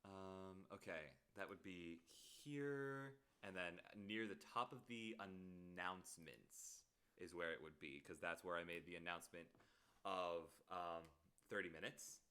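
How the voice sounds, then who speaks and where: A man chatting casually on a late-night home stream, soft-spoken and rambling, talking to his viewers while music plays. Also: deep voice, a little slow, clear, resonant tone. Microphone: headset mic.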